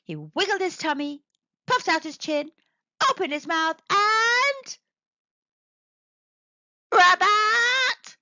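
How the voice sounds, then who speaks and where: A woman reading a picture book aloud to young children in an expressive storytelling manner. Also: very high-pitched, unhurried, no echo. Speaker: storybook reader. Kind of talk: children's read-aloud narration. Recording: dry, slightly dull recording.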